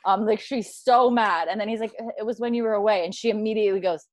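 A woman leads a casual fan discussion, talking fast and animated and slipping into quoted lines as she goes. Her voice sits in a middle pitch and sounds dry and close, with no room around it. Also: no echo. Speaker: podcast host.

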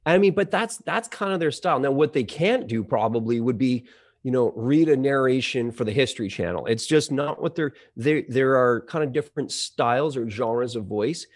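A man's voice: medium pitch, expressive, normal speed, no echo, clean studio sound. A man who works as an audio engineer, explaining voice-over work in a rambling, conversational way with many fillers and restarts. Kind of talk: conversational podcast interview.

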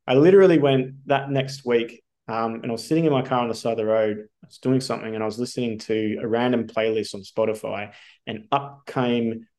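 Swearing, animated Australian man. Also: mid-range voice, brisk. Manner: animated, swears casually, many fillers. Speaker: podcast guest, astrologer. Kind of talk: casual storytelling.

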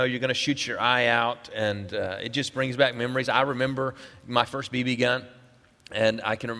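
A man's voice: mid-range voice, gravelly, bright, forceful tone. A middle-aged man, a pastor, opening a sermon in a casual, rambling way with many fillers and restarts. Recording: long echo of a large hall.

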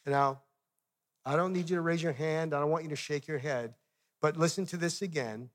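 A man's voice: on the high side, moderate pace. A man in his fifties, a missionary preacher, giving a sermon with personal stories and putting direct, conversational questions to his listeners.

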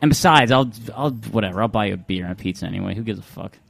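A man's voice: on the low side, lively intonation, very fast, gravelly, a bit bright, no room sound. A man hosting a loose radio show, rambling and swearing casually as he wraps up the episode.

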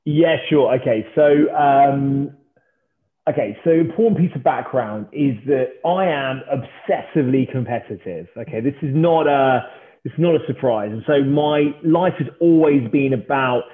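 A man in his thirties, a startup founder, telling stories in an animated, self-mocking way with lots of fillers. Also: mid-range voice, normal speed. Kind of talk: casual storytelling chat. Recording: tinny phone-like line.

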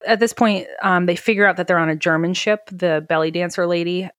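A woman co-hosting a podcast, recapping a movie plot in casual chat, full of "like" and quick asides. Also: on the low side, fairly even intonation, dry recording, clean studio sound. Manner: chatty, recaps plot with frequent "like" and laughs. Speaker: podcast co-host.

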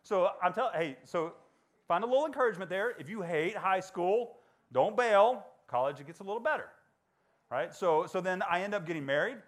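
A man in his forties telling personal stories to a young audience in a casual, animated way. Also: fairly quick. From Georgia. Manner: animated, acts out dialogue in high voices. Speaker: motivational speaker. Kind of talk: storytelling talk to students.

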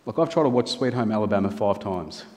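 A man's voice: lowish voice, animated, fast talker, darkish tone. A man preaching a sermon in a church hall, earnest and building his points through lists and rhetorical questions. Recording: long reverb of a large hall.

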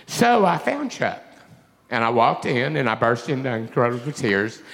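Gravelly, animated male preacher. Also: mid-range voice, moderate pace, long reverb tail. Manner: emotional storytelling, animated. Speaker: pastor. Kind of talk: sermon.

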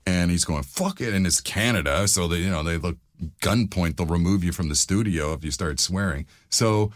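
A middle-aged man, a former radio DJ and voiceover artist, telling stories in a casual interview with lively acted-out quotes. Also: normal speed, no room sound. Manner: animated anecdotes, acts out quotes with big pitch jumps.

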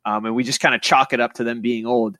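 Man, podcast co-host, casual chat, bright voice, dry close sound. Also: medium pitch, flat delivery, fast, no room sound. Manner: laughing storyteller, leads the segments.

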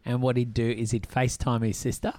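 A middle-aged man hosting a casual podcast chat, telling stories in an animated way and jumping into high voices to quote people. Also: fast. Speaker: podcast host.

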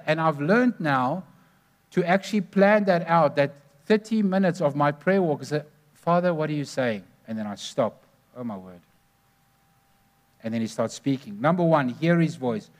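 A man preaching a sermon, telling stories earnestly and stressing numbered points. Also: fairly high pitch.

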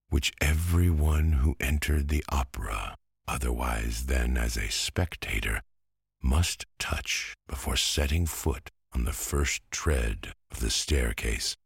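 A man narrating a classic novel as a bedtime story, soft and lulling. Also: rumbling low, gravelly, husky, dry recording, clean studio sound.

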